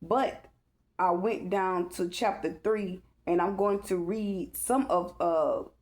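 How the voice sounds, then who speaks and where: A woman's voice: on the low side, slow, a little mellow. A woman giving a casual, rambling spiritual tarot reading, earnest and emotional, often checking in with "okay?". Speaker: tarot reader.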